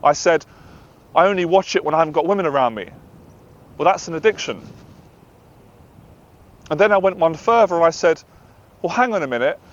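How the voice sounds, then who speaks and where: Expressive and fairly quick, yet given to long pauses, this man has a slightly high voice. He's a dating and anxiety coach talking to camera in an earnest, confessional way, sometimes acting out his inner voice, over slightly dull lo-fi audio.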